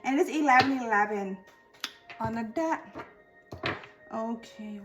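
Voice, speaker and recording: A woman with a slightly high voice giving a tarot and oracle card reading. She reads the card meanings aloud in a steady flow. Between readings her voice drops to quiet, murmured asides. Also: unhurried, over music. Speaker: tarot reader.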